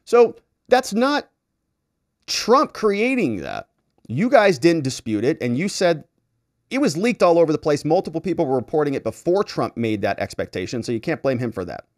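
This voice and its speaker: A man's voice: fairly high pitch, very animated, brisk, darkish tone, dry recording, clean studio sound. A man, a lawyer, giving sarcastic solo commentary as he reads a letter aloud and mocks the officials who wrote it in exaggerated voices. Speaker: lawyer and political commentary host.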